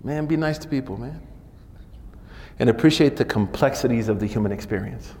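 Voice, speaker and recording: A man's voice: medium pitch, a little fast, a little mellow, long reverb tail. A man giving an informal religious lesson in a casual, chatty way, often tacking "man" onto his sentences. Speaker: religious teacher.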